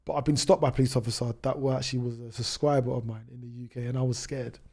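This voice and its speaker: A British man in his twenties, a travel YouTuber, telling stories as a podcast guest. He jumps ahead quickly and restarts his sentences often. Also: mid-range voice, fairly even intonation, a little mellow. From United Kingdom. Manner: rapid anecdotes with many restarts. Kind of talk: storytelling in a podcast interview.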